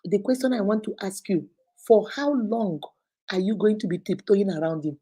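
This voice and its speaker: A middle-aged Nigerian woman hosting a relationship advice talk, telling a listener's story in a casual, animated way and acting out what people said. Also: mid-range voice, quick pace, husky. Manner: animated, acts out quoted speech.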